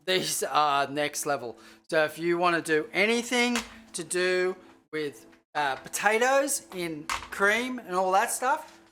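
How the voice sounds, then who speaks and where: Chef host, casual livestream cooking chat, rambling, a bit sweary, middle-pitched voice. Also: lively intonation, takes it slowly, bright, forceful tone, a little hiss or hum. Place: home kitchen.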